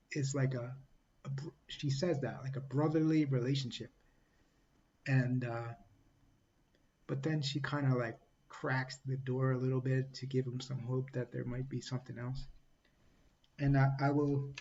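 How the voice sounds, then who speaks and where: A man talking casually through a book review, halting often with fillers and restarts and reading quotes aloud. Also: mid-range voice, darkish tone, muffled recording.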